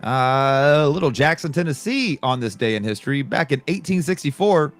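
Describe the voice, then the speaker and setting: A man's voice: a little high, animated, normal speed, faint music behind. A man co-hosting a casual podcast, reading this day's history items with chatty asides. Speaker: podcast co-host. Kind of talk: casual chat.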